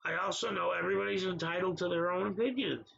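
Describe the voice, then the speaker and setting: Gravelly man chatting on a livestream. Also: high-pitched, fast, a bit bright, highs cut off, a little hiss or hum. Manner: gravelly, exasperated, talks back to chat by name. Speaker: livestream host. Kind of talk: casual livestream chat reading viewer comments.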